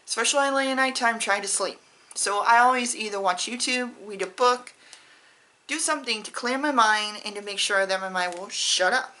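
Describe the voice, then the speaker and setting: A woman's voice: on the high side, moderate pace, pushed and bright, rough recording. A woman vlogger talking casually to her viewers in a rambling, candid, personal way. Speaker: beauty vlogger. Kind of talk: casual chat to camera.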